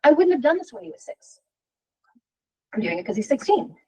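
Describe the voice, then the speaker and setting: In a low-quality recording, a woman in her fifties runs a workshop, speaking briskly in a high-pitched voice. She's frank and lively, chatting away and frequently asking "right?" without expecting an answer.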